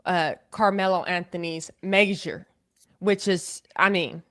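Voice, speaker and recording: A woman with a thick Oklahoma accent speaking in a low register. She talks bluntly and dismissively, like an online commentator addressing her viewers. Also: steady tone, a little slow, a bit bright. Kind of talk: commentary video.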